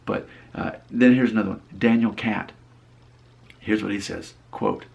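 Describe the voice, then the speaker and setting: A man in his late thirties, a casual vlogger who reads his viewers' comments aloud and answers them drily. His voice sits low with a gravelly edge. He talks on and on, often going back over and restarting his phrases. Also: a little slow, a little mellow. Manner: talkative, repeats and restarts phrases. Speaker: YouTube creator.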